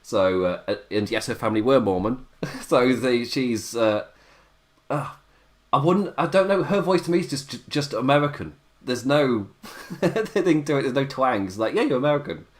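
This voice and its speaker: English man, podcast host, casual chat, laughs a lot, lively pitch. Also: unhurried. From England. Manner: laughs often, rambling. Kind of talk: casual wrestling review chat.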